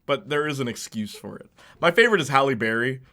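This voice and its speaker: A young gaming streamer talks fast while he plays, his medium-pitched voice lively in intonation and sharp in tone. His casual chat rambles, with many restarts and lots of laughing.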